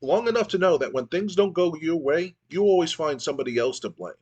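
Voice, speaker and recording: A fed-up, gritty brawler speaks bluntly and demands a fight, read aloud by a man. The delivery is raised in pitch and a touch louder than the reader's everyday voice, with little real acting. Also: expressive, fairly quick, slightly rough, lo-fi sound. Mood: challenging. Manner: blunt, challenging.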